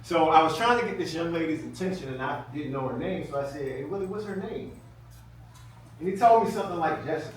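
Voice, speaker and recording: High, lively man telling stories in an echoey hall. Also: quick pace, hardly any pauses. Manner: playful, laughs often, acts out shouted quotes. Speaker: speaker at an event. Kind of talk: animated storytelling speech. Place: event hall with a live audience. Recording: echoey room from far off, noisy.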